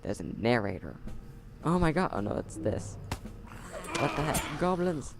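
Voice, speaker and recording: Gravelly man doing wry game commentary. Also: mid-range voice, big pitch swings, measured pace, music in the background. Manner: wry, chatty, sarcastic asides and laughs. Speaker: game player. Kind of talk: let's play commentary. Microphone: close desk mic.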